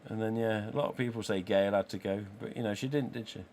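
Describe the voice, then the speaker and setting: This fast-talking Englishman in his forties has a lowish, fairly even voice, a little mellow, with a touch of hiss or hum. He's hosting a relaxed live stream, swearing liberally and performing the lines he quotes.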